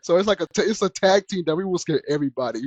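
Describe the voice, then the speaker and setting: A man's voice: sits high, lively intonation, fast talker, darkish tone, muffled recording. A man hosting a casual podcast chat who laughs often while telling stories. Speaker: podcast host.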